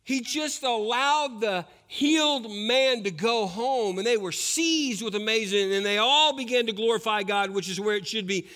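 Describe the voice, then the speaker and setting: A man preaching a sermon, swinging between hushed, intense passages and loud, rising exhortation. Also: high-pitched, moderate pace, few pauses. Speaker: pastor.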